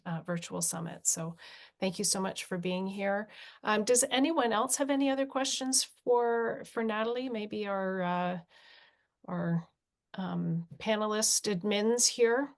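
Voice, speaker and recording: A woman hosting a Q&A over a video call, her voice edged with gravelly fry. She speaks politely and haltingly, with frequent ums between her words. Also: medium pitch. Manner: polite, halting, lots of fillers. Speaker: summit moderator. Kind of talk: moderating a virtual Q&A.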